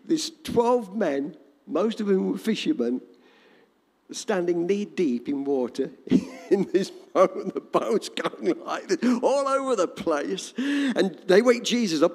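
A man preaching a sermon to a congregation, dramatic and animated. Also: high voice, unhurried, slightly rough, big-room sound. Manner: animated, dramatic, shouting quoted lines.

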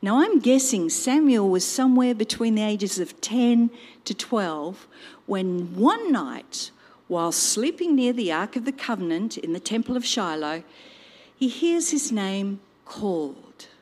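A woman telling a Bible story in an expressive storytelling style, with personal asides. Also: medium pitch. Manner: slow, animated storytelling with asides. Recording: long reverb.

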